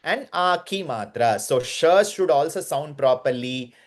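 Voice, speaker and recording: A man leads a chanting lesson at a very unhurried pace. He draws out every syllable and says each word again and again. He often stops to quiz his students. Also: a little high, lively intonation. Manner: drawn-out syllables, repeats words, quizzes students. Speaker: Sanskrit chanting teacher.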